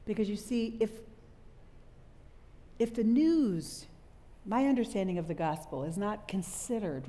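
Animated middle-aged woman preaching in a hall. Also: medium pitch, a little slow, long pauses, slight background noise. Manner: animated storytelling, quizzing the audience. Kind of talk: sermon. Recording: long hall reverb.

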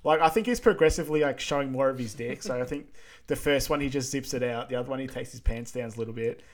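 Male podcast co-host, casual rambling recap, average pitch. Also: fast talker. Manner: loose, chatty, lots of "like" and "um". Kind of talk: casual film recap chat.

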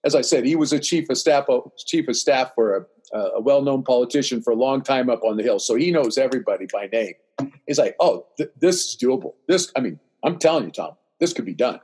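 A man's voice: mid-range voice, fairly quick, slightly rough. An older man telling a long story in casual chat, acting out what others said, with many restarts. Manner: animated, acts out dialogue, rambling restarts.

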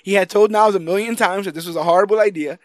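Man, high-pitched, casual podcast recap, lively retelling, dry close sound. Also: racing, no echo. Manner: animated, acts out characters' lines while retelling scenes. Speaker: podcast co-host.

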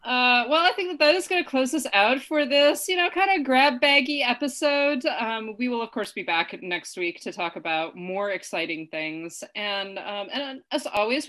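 A woman co-hosting a podcast in casual chat, animated and laughing often as she retells scenes. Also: fairly high pitch. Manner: animated, laughs often, quotes people in playful voices. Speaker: podcast co-host.

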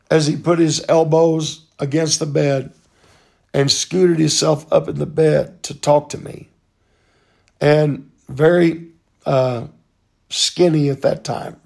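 A man telling a personal story in a slow, halting, earnest way, with frequent pauses. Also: a little high, vocal fry, darkish tone.

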